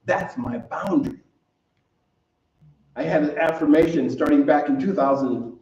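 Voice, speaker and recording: A man's voice: fairly high pitch, measured pace, pauses often, darkish tone, a little hiss or hum. Earnest male minister in a roomy hall. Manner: earnest, repeats phrases for emphasis, laughs easily. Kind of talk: sermon. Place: church sanctuary. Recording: roomy, distant, slightly dull recording.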